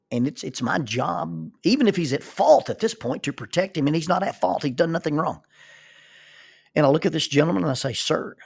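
A man telling a personal story as a life lesson, animated and acting out the people in it. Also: a little high, gravelly, slightly rough. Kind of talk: spoken storytelling.

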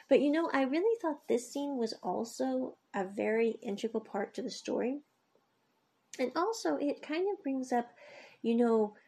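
A woman with a gravelly, husky voice talks casually through scenes from a drama series. Her tone stays mellow and dark as she retells what the characters say, with plenty of fillers along the way. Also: fairly high pitch. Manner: chatty, retells scenes with quoted lines, frequent fillers. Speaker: series reviewer.

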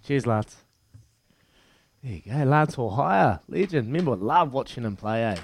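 Easygoing New radio host. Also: male voice, medium pitch, expressive, normal speed, creaky, slightly rough. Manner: matey, easygoing, lots of "mate". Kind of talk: radio interview and studio banter.

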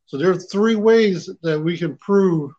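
A man with a fairly high voice tells what happened on a ghost hunt in plain, colloquial words. The audio is dull and lo-fi. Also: slow pace, mellow. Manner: plain, colloquial speech with nonstandard grammar. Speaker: paranormal investigator. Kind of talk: casual storytelling.

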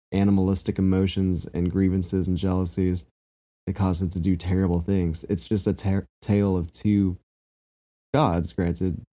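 A man's voice: sits low, dark tone. A man in a casual chat, musing reflectively and playfully, often searching for his words. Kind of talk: casual chat about mythology.

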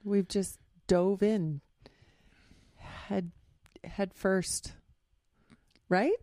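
A woman's voice: medium pitch, steady tone, drawn-out words, warm tone, no echo. A middle-aged woman co-hosting a podcast, chatting casually with dry, wry humor. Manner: dry, wry, laughs often. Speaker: podcast co-host. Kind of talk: casual chat.

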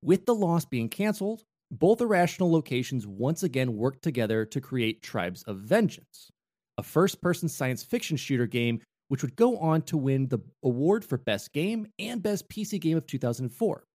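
Playful man in lively game chat. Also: on the high side, moderate pace. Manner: joking, playful asides. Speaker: podcast co-host. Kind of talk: casual game history chat.

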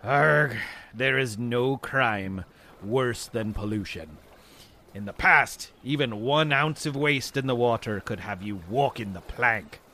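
A man's voice: medium pitch, lively intonation, takes it slowly, sharp tone, slight background noise, full character voice. A man voicing a stern old pirate captain who growls his lines theatrically.

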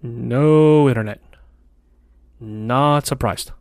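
A man hosting a casual podcast, telling a long story in an animated, rambling way with many self-corrections. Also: mid-range voice, extremely slow, no echo. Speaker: podcast host.

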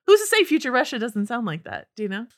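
A woman's voice: a little high, fast talker. A woman co-hosting a podcast, chatting casually with jokes, laughs and lots of "like". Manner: animated, laughing, joking, lots of "like". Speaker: podcast co-host. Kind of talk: casual chat.

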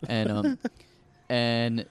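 A man's voice: mid-range voice, sing-song, extremely slow, clear, resonant tone, dry recording. A young man co-hosting a podcast, telling a long story in casual chat, swearing often and restarting sentences. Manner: profane, rambling, lots of fillers and restarts. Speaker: podcast co-host.

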